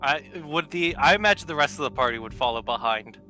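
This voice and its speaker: Lively, amused male player. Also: on the high side, quick pace, low-quality recording. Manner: amused, teasing. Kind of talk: casual chat during a tabletop game. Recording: clear background music.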